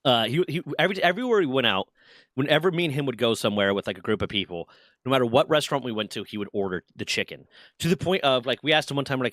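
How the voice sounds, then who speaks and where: A man in his twenties chats on a game stream at a very fast pace, animatedly telling stories, swearing often and acting out quotes. His mid-range voice comes through dry, with studio-quality sound.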